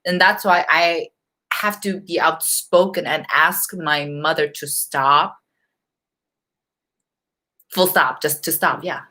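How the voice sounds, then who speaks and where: A woman's voice: low voice, slow, pauses often, sharp tone. A young woman hosting a casual live-stream Q&A, chatty and laughing often, reading out viewer comments and snacking as she talks. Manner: eating while talking. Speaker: beauty vlogger hosting a live Q&A.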